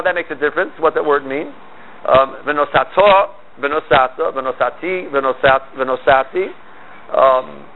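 A man teaching a class, talking in a halting way with many restarts. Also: a little high. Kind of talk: lecture on Hebrew grammar. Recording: tinny phone-like line, faint hiss.

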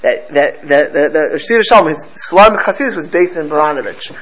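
A man teaching a lesson through a story, animated and often restarting and repeating his words. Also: fairly high pitch, brisk. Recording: slightly dull with faint background noise.

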